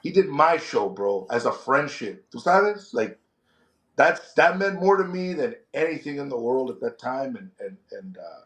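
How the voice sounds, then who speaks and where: A middle-aged man from San Antonio, a wrestler and promoter chatting in an interview, animated and slipping in Spanish slang. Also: mid-range voice, unhurried. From San Antonio, Texas. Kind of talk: casual interview chat. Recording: echoey room.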